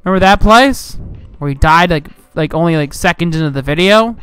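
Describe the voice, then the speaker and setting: Animated young man ranting over gameplay. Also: a little high, a little fast, clean tone. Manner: frustrated, rambling, yells at enemies. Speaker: gaming channel host. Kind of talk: casual let's play commentary. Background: game music.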